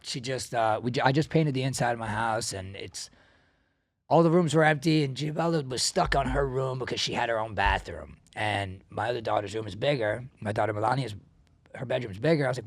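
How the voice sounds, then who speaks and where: A man's voice: medium pitch, vocal fry, dry recording. A middle-aged man hosting a podcast, telling stories in casual chat and swearing freely. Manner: fast, swearing, storytelling. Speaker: podcast host.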